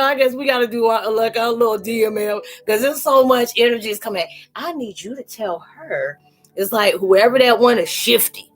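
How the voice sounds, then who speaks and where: A woman's voice: fairly high pitch, normal speed, faint music behind. A woman hosting a casual livestream tarot reading, talking loosely and rambling, often acting out quoted voices. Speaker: spiritual tarot reader hosting a live chat.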